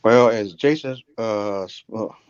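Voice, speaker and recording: A man's voice: lowish voice, unhurried, clear, resonant tone, no room sound, lo-fi sound. Blunt older man calling in. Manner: blunt, emphatic, stumbling restarts. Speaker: caller, retired police officer. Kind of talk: call-in show commentary.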